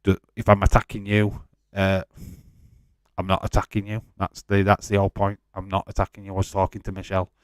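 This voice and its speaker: Lowish-voiced man hosting live chat. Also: completely flat delivery, fairly quick, no echo. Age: 40s. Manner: defensive, talks straight to chatters by name. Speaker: livestream host. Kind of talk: casual watch-along chat, answering live chat.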